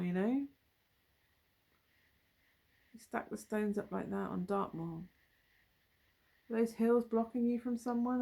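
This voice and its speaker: A woman's voice: mid-range voice, vocal fry, warm tone. A woman doing a casual tarot reading, musing and thinking aloud as she turns over cards, with trailing asides. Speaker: tarot reader.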